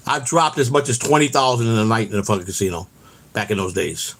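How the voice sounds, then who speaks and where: A man's voice: on the low side, expressive, fast, fairly bright tone. A middle-aged man, hosting his show, telling boastful stories in a brash, profane, rambling way. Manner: brash, boastful, swears constantly. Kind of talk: profane storytelling on a livestream.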